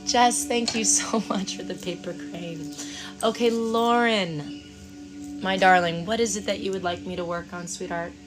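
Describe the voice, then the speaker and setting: A woman chatting casually to viewers on an outdoor live stream, calling them darling, with gentle guided breathing. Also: medium pitch, steady tone, measured pace. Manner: affectionate, calls viewers darling and lovelies. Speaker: livestream Reiki practitioner. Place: outdoors at sunrise. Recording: music playing in the background.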